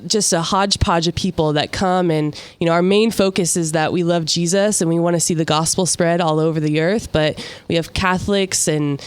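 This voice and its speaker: A woman's voice: fairly low pitch, steady tone, normal speed, few pauses, clear, resonant tone, no room sound. A young woman guest on a radio talk show, chatting in an upbeat way and laughing often. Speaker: guest, mission volunteer.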